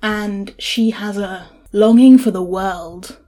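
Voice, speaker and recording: A woman in casual conversation, retelling a picture book in an animated, chatty way. Her pitch sits mid-range for a woman. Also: slow.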